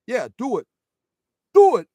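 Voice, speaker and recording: A man putting on a brash woman with a Brooklyn accent, loudly egging someone on. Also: extremely high pitch, huge pitch swings, a little slow, no echo, pitched above the performer's own voice, heavily acted. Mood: pushy. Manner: loud, pushy, egging on.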